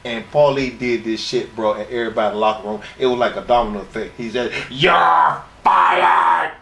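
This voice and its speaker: Talking fast in a lowish, steady voice, this middle-aged retired wrestler gives a profane shoot interview while seated, spinning brash stories from his ring years and imitating what others told him.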